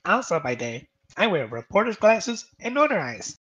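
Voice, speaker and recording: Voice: medium pitch, sing-song, normal speed, a bit bright, dull audio. A friend putting on the voice of a smug, self-important male newsman.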